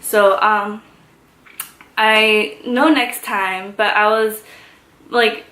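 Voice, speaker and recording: A woman vlogger telling a story in excited, gushing chatter full of fillers. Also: mid-range voice, extremely slow. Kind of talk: casual story time. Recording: echoey room.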